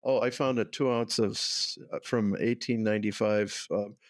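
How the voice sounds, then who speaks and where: An older man, a guest herbalist, telling stories in a relaxed way and often laughing. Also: fairly low pitch, moderate pace, no echo, clean studio sound. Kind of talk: conversational interview.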